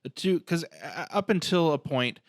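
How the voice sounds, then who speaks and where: A man's voice: a little high, animated, normal speed, no room sound, studio quality. A man co-hosting a horror podcast, talking casually about a film with many restarts and fillers. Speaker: podcast co-host.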